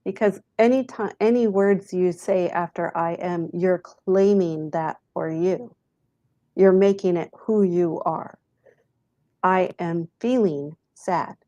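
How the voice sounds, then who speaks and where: A woman guest on a talk show, calmly and gently explaining how to handle feelings. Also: lowish voice, slow, dry recording, dull audio. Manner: calm, gentle, instructive. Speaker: guest, author on emotional resilience. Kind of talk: podcast interview talk.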